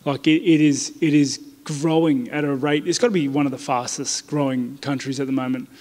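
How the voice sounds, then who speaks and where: Aussie fighter at media day: relaxed, blunt, slightly high-pitched, reverberant room. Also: male voice, fairly quick. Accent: Australian. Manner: blunt, laid-back, says mate often. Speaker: fighter interviewed by press. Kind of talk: casual press interview. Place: media day press area indoors.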